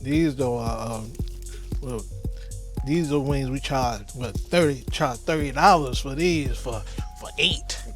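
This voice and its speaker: A man, chatting excitedly to viewers while barbecuing wings outdoors in the cold. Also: medium pitch, slow pace, over music. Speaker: home barbecue cook. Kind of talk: casual cooking vlog. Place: outdoors by a smoker in winter.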